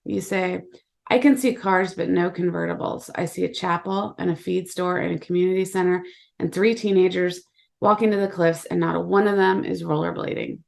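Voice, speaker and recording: A woman author giving a measured, low-key reading of her own short story. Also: fairly even intonation, creaky, darkish tone. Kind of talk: literary reading, second person.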